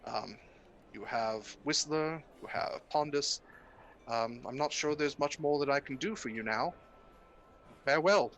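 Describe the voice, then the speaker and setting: A man's voice: medium pitch, unhurried, pauses often, fairly bright tone, a little hiss or hum. A man playing a courteous noble patriarch. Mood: formal. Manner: polite, stammering when shaken. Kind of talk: tabletop game role-play.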